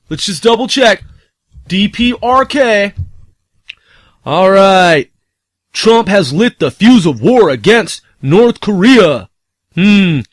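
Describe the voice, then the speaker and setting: A man's voice: high-pitched, no room sound. A man giving a casual, profane ranting commentary, firing off rhetorical questions.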